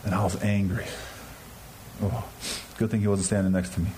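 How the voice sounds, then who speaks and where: A man's voice: on the low side, little pitch movement, normal speed, dark tone, slight background noise, poor audio. A man telling his own story as a testimony to an audience, earnest and confessional, speaking straight to his listeners. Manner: acts out his own and others' words in dialogue. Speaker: speaker giving a personal testimony.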